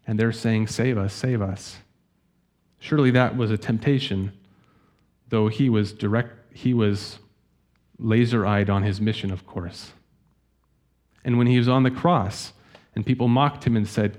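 Male pastor, low-ish voice, earnest gentle sermon delivery. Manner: earnest, gentle preaching with slow scripture reading.

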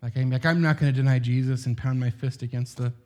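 A man's voice: mid-range voice, steady tone, fast, a little mellow. A middle-aged man preaching a sermon in a loose, conversational way, full of asides and rhetorical questions.

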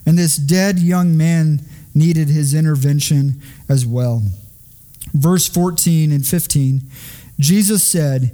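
Male pastor, sermon delivery, high pitch, warm, soft-edged tone, earnest and questioning. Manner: earnest, questioning, slows on key phrases.

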